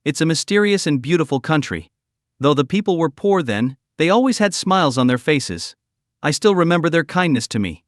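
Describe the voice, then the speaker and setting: A man's voice: a little high, dry recording, clean studio sound, close to an everyday voice. A man voicing a grateful, nostalgic elderly woman in a recap story, speaking earnestly.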